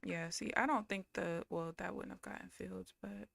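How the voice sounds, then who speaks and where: A woman's voice: mid-range voice, fairly even intonation, normal speed, vocal fry, a bit bright, slightly rough, dry recording. A woman live streaming her day trading, talking casually to viewers and swearing bluntly in frustration.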